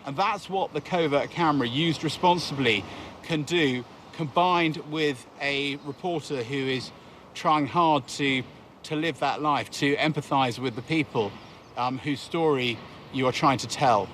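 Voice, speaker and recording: A man's voice: medium pitch, a little slow, fairly bright tone, slight background noise. A man, a former undercover reporter, speaking reflectively and hesitantly in an interview.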